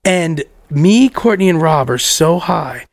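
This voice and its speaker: A young man telling a story in casual podcast chat, animated and profane, laughing through it. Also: on the high side, takes it slowly, creaky, dry recording.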